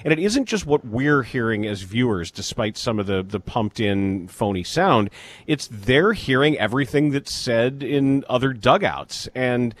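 Measured sports talk host, a man. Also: mid-range voice, animated. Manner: measured, cites statistics, halting restarts.

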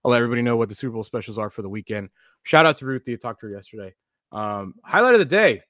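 A man's voice: medium pitch, lively intonation, racing, fairly bright tone, dry recording, clean studio sound. A man hosting a casual sports talk show, a brash, joking storyteller. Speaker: sports radio host.

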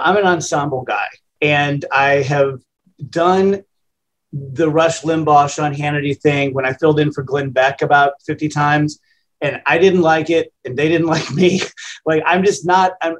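A man's voice: fairly high pitch, normal speed, a bit bright, rough recording. A man in his fifties, a radio host, answering interview questions in a plainspoken, conversational, self-deprecating way. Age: 50s.

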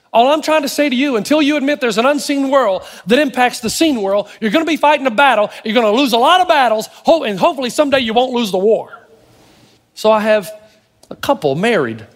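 A male pastor preaching a sermon with emphasis, voicing imagined inner voices and ending in prayer. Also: sits high. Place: church sanctuary. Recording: long reverb of a church hall.

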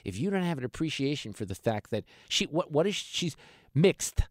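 Animated, sarcastic male radio host. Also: medium pitch, quick pace, no echo, clean studio sound. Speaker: radio talk show host. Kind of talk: opinionated talk radio commentary.

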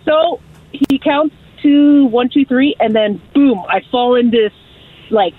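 A woman calling in to a radio show and telling a story in a chatty, lively way, acting out what people said. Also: high-pitched, takes it slowly, slightly rough, dry recording. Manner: lively, chatty storyteller who acts out quotes. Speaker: caller. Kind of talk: call-in storytelling. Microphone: telephone. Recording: phone line.

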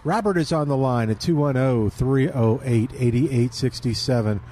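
Brief: male radio host, easygoing talker, mellow dark tone, faint hiss behind. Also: medium pitch, moderate pace. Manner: relaxed, chatty, laughs easily. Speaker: radio gardening show host. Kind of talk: casual radio chat and ad reads.

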